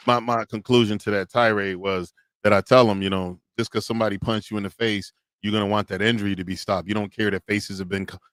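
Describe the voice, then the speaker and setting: A man co-hosting a reaction podcast, arguing his point through animated storytelling. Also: fairly low pitch, fast, hardly any pauses, no echo. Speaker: podcast co-host. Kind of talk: casual reaction commentary.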